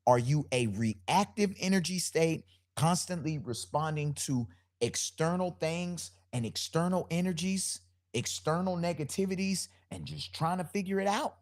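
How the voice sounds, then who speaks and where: A man with a deep bass voice hosting a live solo podcast, talking loosely about energy and spirit and repeating his phrases. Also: unhurried. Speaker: podcast host.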